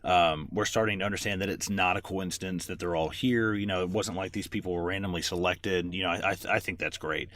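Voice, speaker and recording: Low-voiced man rambling through a movie recap. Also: steady tone, brisk, few pauses, fairly bright tone. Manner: rambling recaps with many fillers, swears a lot. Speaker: podcast co-host. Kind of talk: casual movie chat.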